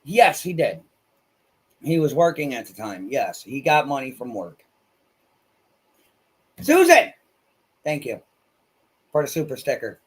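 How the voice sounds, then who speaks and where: A man streaming live, chatting casually with viewers in a blunt, crude and excitable way. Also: medium pitch, moderate pace, pauses often, breathy edge. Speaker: livestreamer. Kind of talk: casual livestream chat.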